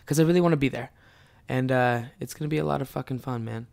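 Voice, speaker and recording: A man in his twenties hosting a solo podcast, cursing freely and swinging from mumbled asides to loud outbursts. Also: mid-range voice, fast, creaky. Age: 20s. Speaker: podcast host and stand-up comic. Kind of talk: casual solo podcast chat.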